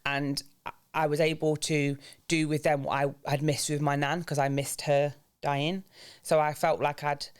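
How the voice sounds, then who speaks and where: This podcast guest is an English man in his twenties whose smooth voice barely moves in pitch and keeps a moderate pace. Open and reflective, he shares personal things frankly, dropping to a low, earnest tone when grief comes up.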